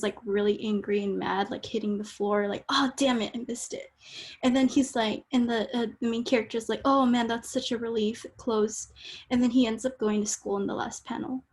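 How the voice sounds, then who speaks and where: A woman's voice: fairly high pitch, darkish tone. A woman student presenting her storyboard in an online class, hesitant and full of ums and likes. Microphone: video call.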